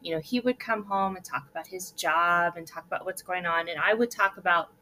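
Bright lady guest on a podcast, animated storyteller, does little voices for people in her stories. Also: on the low side, a little fast. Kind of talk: casual interview storytelling.

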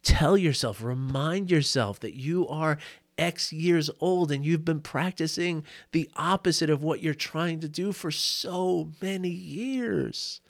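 A man teaching mindfulness in an easygoing, conversational way, his voice sitting a little higher than most men's. He laughs often as he talks, leans on "you know" and "right?", and is recorded on a boom mic. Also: slow, vocal fry. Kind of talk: casual teaching talk.

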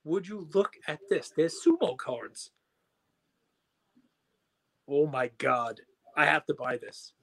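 A man co-hosting a podcast, chatting about sports in an excitable, jokey, rambling way. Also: fairly high pitch, slow, gravelly, pauses often. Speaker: podcast co-host. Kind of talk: casual sports chat.

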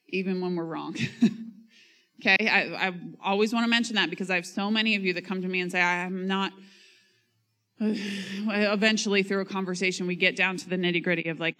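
A woman's voice: mid-range voice, brisk, a bit bright. A woman pastor delivers a sermon in a mid-range voice. She reads scripture and talks about it in a casual, conversational way, with self-mocking humor. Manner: reads scripture and acts out quotes.

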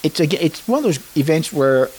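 A man's voice: a little high, big pitch swings, normal speed, slightly rough, low-quality recording. A man hosting a community radio show, reading announcements and chatting in a rambling way with fillers and restarts in a studio. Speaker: radio host.

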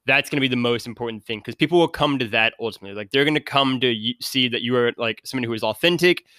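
A man chatting as a podcast guest, looping back on his points with constant "like" fillers. His voice is bright and crisp. The recording is dry and close, with no room sound. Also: mid-range voice, fast, no echo. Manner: rambling, many "like" fillers. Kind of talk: casual podcast chat.

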